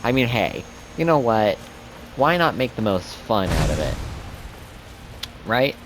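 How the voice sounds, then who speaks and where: A man's voice: fairly low pitch, very animated, a little slow, slight background noise. A young man giving casual gameplay commentary as a streamer, chatty and rambling. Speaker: gaming streamer.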